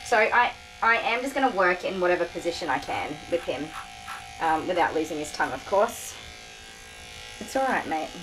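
A tired dog groomer with a sore back chats casually to a tripod camera while soothing a dog in her grooming room. Her voice is on the low side and a little fast, with background noise and clippers buzzing behind her.

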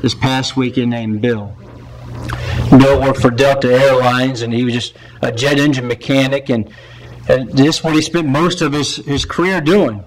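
A man's voice: medium pitch, steady tone, normal speed, slight background noise, low-quality recording. A man preaching a sermon as pastor in a church, telling stories earnestly and often repeating or restarting his words. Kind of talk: sermon with storytelling. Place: church sanctuary.

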